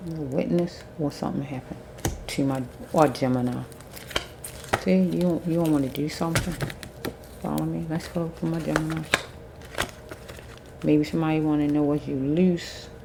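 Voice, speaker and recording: Low-voiced woman reading tarot cards. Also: gravelly, noisy background. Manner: relaxed, thinking aloud with pauses; chewing a mint while talking. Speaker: tarot reader.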